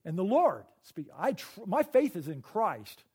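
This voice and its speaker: A middle-aged man preaching a sermon, earnest and emotional, often halting and repeating words. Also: high voice, huge pitch swings, a little mellow, slightly rough. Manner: earnest and personal. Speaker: pastor.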